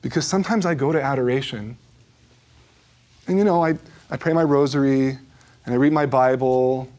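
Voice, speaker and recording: A man's voice: mid-range voice, moderate pace. A middle-aged man giving a conversational talk on prayer and adoration, with frequent asides to his listeners. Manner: conversational, animated, with asides like "right?". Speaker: Catholic speaker on the Eucharist.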